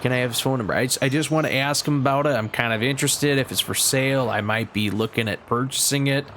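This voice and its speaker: A man hosting a farming-sim role-play, talking in a folksy, excitable, rambling way. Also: mid-range voice, fairly quick, slight background noise. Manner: folksy, excitable, lots of "you betcha"; chatty and rambling with frequent restarts. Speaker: gaming channel host. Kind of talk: role-play gameplay commentary.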